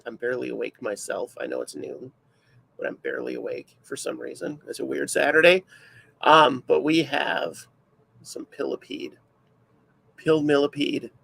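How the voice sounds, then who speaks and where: Gravelly, husky man hosting a livestream. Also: mid-range voice, fairly bright tone, poor audio. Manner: rambling, self-deprecating, filler-heavy. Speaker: livestream host. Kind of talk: casual livestream chat.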